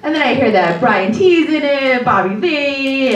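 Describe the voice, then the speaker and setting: An actress on a post-screening panel tells an animated story, laughing and acting out the voices she quotes. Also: fairly high pitch, slow. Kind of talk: storytelling at a live Q&A. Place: screening room before an audience. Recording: roomy hall, distant mic.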